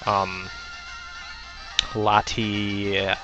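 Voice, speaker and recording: A man's voice: lowish voice, monotone, extremely slow, highs cut off, music in the background. A man giving casual gameplay commentary, hesitant with lots of ums and self-corrections. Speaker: let's player.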